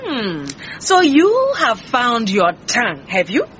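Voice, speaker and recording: An actress playing a proud, defensive head cook who talks brusquely. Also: female voice, fairly high pitch, wildly swooping pitch, slow pace, a bit bright, exaggerated voice. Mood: indignant. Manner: brusque, indignant. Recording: muffled with faint hiss.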